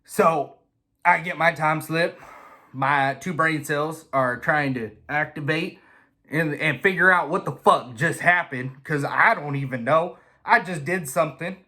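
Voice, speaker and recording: A man telling a casual, swear-filled story in an animated way. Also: fairly high pitch. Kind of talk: casual anecdote.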